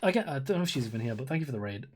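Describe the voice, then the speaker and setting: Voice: medium pitch, very animated, rapid-fire, a little mellow, slight background noise. A streamer in their thirties, chatting casually and rambling while playing a game, swearing freely and laughing often. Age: 30s. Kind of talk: casual live-stream chat while gaming.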